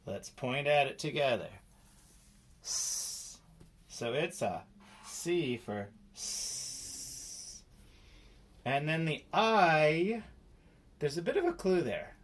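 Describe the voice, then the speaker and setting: A man teaching a children's phonics lesson in a slow, playful way, sounding out letters and syllables. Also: a little high, sing-song. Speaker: spelling teacher.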